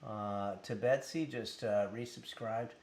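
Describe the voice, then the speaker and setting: His voice is fairly low and a little mellow, with fairly even intonation and a slow pace, and the room echoes. He's livestreaming from home, chatting loosely at his desk mic and reading out chat messages amid many fillers.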